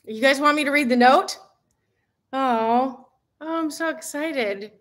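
A woman's voice: sits high, takes it slowly, fairly bright tone. Bubbly, giggly woman fitness coach. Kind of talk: live stream chat with viewers.

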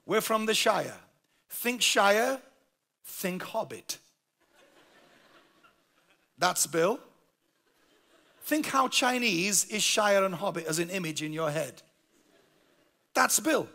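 A man's voice: high-pitched, expressive, takes it slowly, gravelly, long pauses, bright, forceful tone. A man with a Yorkshire accent preaching a sermon, telling a story with emphatic, humorous delivery. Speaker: pastor.

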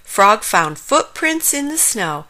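A woman reading a children's picture book aloud, expressive and unhurried. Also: a little high. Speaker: storyteller. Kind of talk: children's story read-aloud.

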